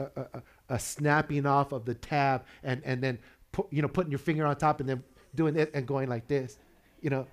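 Conversational man preaching a sermon. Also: mid-range voice. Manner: conversational preaching, chuckles, asks the room questions. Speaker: pastor.

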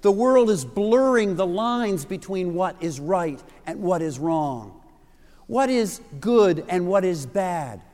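A man's voice: high voice, expressive, slow, a little mellow, big-room sound. A middle-aged man preaching an earnest, emphatic sermon to young listeners, repeating key phrases. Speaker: pastor. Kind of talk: sermon to children and youth.

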